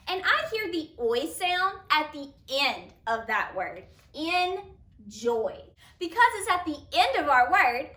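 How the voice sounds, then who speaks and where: A high, animated woman leads a phonics lesson, sounding out letters slowly and cheering her students on. Her voice is bright and crisp. She is heard from a little way off in an echoey room. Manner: slow, clearly sounded-out letter sounds with lively praise. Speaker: phonics teacher. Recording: echoey room, mic at a distance.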